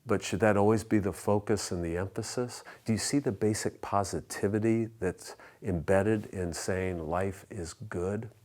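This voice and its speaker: A low-pitched man preaching from the pulpit of a church. He speaks in a measured, reflective way, and his voice sinks almost to a whisper on the sayings he repeats. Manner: measured preaching with soft, hushed repeated refrains. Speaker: pastor. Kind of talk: sermon. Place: church sanctuary.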